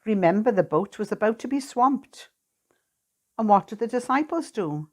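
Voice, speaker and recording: A woman giving a short sermon reflection to a church congregation, speaking in a gentle, earnest, pastoral way. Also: medium pitch, lively intonation, normal speed. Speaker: lay preacher.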